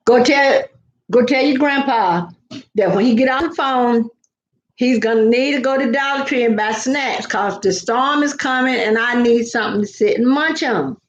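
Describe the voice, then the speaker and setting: Older lady rambling playful at home, high voice, echoey dull sound. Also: moderate pace. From American South. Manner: chatty, playful, rambling with repeated words. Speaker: vlogger. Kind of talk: casual live-stream chat.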